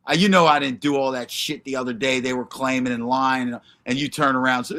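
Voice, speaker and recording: A man's voice: mid-range voice, fairly even intonation, quick pace, hardly any pauses, bright, forceful tone. A man hosting a livestream, ranting in a brash, profane, confrontational way and answering chat by name. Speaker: livestream host.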